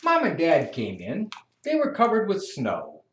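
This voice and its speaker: A storyteller reading a children's picture book aloud in a slow, expressive, sing-song way. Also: mid-range voice. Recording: echoey room.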